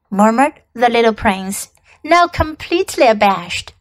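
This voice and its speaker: A woman teacher narrates a storybook in English, reading with clear, deliberate care. Her voice is high and melodic, rising and falling a great deal. She keeps an unhurried pace. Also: expressive, poor audio.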